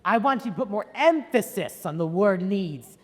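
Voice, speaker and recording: A bossy schoolteacher who lectures, snaps and shouts orders at small children, as a student actress plays her. Her voice jumps all over the place, heavily overacted for a high school stage. It rings through an echoey auditorium, picked up from a distance. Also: expressive, moderate pace, natural voice. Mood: demanding. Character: strict bossy woman schoolteacher, shrill and threatening. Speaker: drama club student actor.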